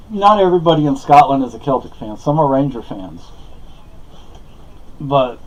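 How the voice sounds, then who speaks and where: Casual vlogger, man, mid-pitched, hesitant and rambling, muffled home recording. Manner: rambling, hesitant, many fillers and restarts.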